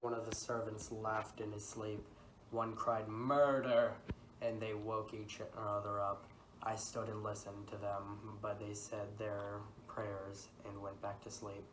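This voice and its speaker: A teenage boy playing a guilt-ridden lord who has just committed murder, reading in a flat, stumbling way for a school project. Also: fairly low pitch, a little slow, natural voice. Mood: shaken. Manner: reads lines flatly with stumbles and self-corrections. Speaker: student actor. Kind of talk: amateur school-project reenactment. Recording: echoey room from a distance, noisy.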